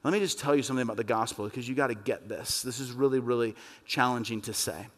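A man preaching a sermon as pastor, impassioned and emphatic, rising to forceful peaks. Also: mid-range voice, fast. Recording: long reverb of a church hall.

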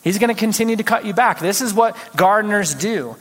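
Pastor guy preaching, kinda high voice, lively storytelling, big echoey hall. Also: brisk. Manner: animated storytelling, rising to exclamations. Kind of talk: sermon. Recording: long hall reverb.

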